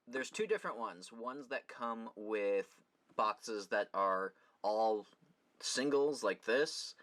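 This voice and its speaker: A man's voice: on the low side, fairly bright tone. A young man hosting a casual beading lesson, rambling and chatty with a self-deprecating streak. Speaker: beading tutorial host. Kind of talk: casual livestream craft lesson.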